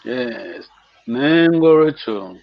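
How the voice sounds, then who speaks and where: A man teaching a live online language class, patiently repeating words slowly and chuckling often, over a call microphone. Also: mid-range voice, expressive, creaky, no echo. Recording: dull, dry lo-fi stream audio.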